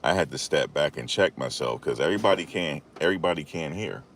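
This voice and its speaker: A man's voice: very deep voice, lively intonation, fast talker, fairly bright tone, a little hiss or hum. A man hosting a casual commentary monologue, chatty and repetitive, laughing at the story he tells. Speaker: YouTube commentary host.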